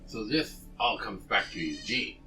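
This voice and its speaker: A man's voice: on the low side, expressive, a little slow, sharp tone, soft background music, rough recording. A man playing a tabletop game, chatting casually and questioning the others as he pieces things together. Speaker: player.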